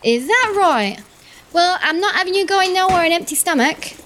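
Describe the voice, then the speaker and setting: A woman's voice: very high voice, lively intonation, moderate pace, a little hiss or hum, pitched above the performer's own voice. A woman voicing a cheery, rich-voiced older woman cook who calls everyone love and darling. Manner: warm, fond, calls people love and darling.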